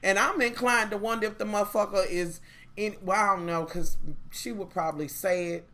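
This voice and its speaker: A woman's voice: medium pitch, fairly quick. A woman reviewing a TV show in a casual chat, blunt and profane, talking straight to her viewers. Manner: animated, opinionated.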